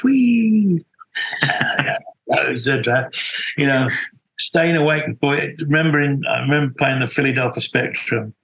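A man's voice: mid-range voice, fairly even intonation, moderate pace, vocal fry, pushed and bright, poor audio. A middle-aged man, a guest musician in a casual interview, telling rambling stories full of restarts and acted-out quotes. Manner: rambling storyteller, many restarts, acts out quotes.

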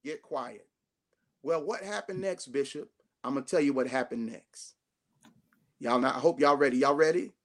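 A man preaching a sermon as bishop, swinging from loud rising shouts down to hushed slow phrases, with a Southern Black way of speaking. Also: medium pitch. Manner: call-and-response preaching, rising to shouts then dropping to hushed tones.

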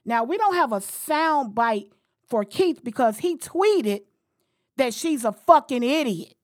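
A woman's voice: sits high, lively intonation, slow, no echo, clean studio sound. Heated, profane woman podcast host. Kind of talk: casual podcast chat.

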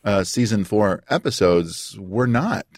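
A man's voice: on the low side, expressive, takes it slowly, no echo, clean studio sound. A man in a casual podcast chat, joking wryly and laughing at his own lines. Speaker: podcast co-host.

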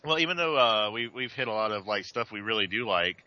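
A man's voice: lowish voice, expressive, fairly quick. A man co-hosting a casual podcast chat, rambling with lots of stammered restarts. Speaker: podcast co-host. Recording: dull lo-fi sound.

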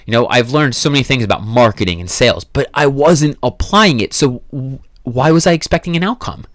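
A man's voice: medium pitch, animated, fairly quick, fairly bright tone, dry recording, clean studio sound. A man hosting a podcast, giving a blunt motivational monologue full of swearing and emphatic repeated phrases. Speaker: podcast host.

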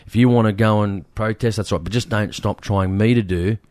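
A man co-hosting a podcast, chatting casually and retelling stories with lively mimicry. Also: fairly quick, no echo, clean studio sound. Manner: animated storyteller, mimics people in high voices. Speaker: podcast co-host.

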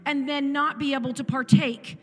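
A woman's voice: high-pitched, level tone, normal speed, soft background music. Impassioned woman preaching in a church hall. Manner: impassioned, rhetorical questions, repeats phrases. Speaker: church speaker giving testimony. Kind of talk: sermon testimony.

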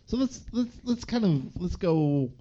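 A man's voice: high voice, expressive, a little slow, mellow, highs cut off. A man co-hosting a podcast, dropping dry, wry remarks in casual chat. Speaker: podcast co-host.

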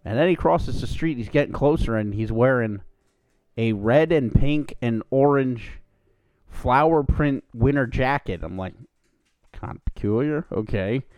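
A man's voice: medium pitch, a little slow, darkish tone, no echo. A man co-hosting a podcast, telling a long profane story in casual chat and putting on quoted voices. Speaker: podcast co-host.

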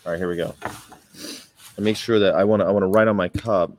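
Dark-voiced rambling man, dry close sound. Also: low-pitched, fairly even intonation, fast, no room sound. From California. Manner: rambling storyteller, acts out confrontations in raised voices. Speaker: vegan activist vlogger. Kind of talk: casual talking-to-camera vlog.

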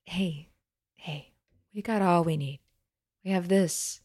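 Audiobook: soft-spoken young warrior man, reassuring, read by a woman. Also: lowish voice, takes it slowly. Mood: tender. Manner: gentle, reassuring. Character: young man fighter, tender and protective.

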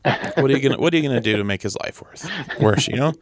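A man's voice: medium pitch, lively intonation, fast talker, a crowd in the background. A man telling stories in a casual chat, laughing often and acting out the people he quotes. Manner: storytelling, laughs often, acts out quoted voices.

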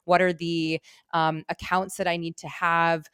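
A woman's voice: fairly low pitch, little pitch movement, a little slow, a bit bright, clear, resonant tone, dry recording, clean studio sound. A woman podcast host asking long, rambling questions full of fillers in a casual interview.

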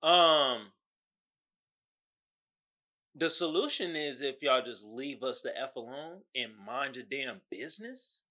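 A man's voice: mid-range voice, expressive, slow pace, pauses often, pushed and bright. An American man hosting his own podcast, ranting in a mocking, profane way and laughing at his own jokes. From United States. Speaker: podcast host. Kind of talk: solo podcast rant.

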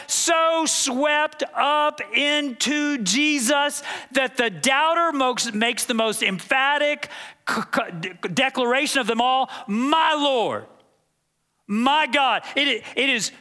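A man's voice: very high voice, takes it slowly, pushed and bright. A man preaching a sermon as pastor, emphatic and building through repeated phrases.

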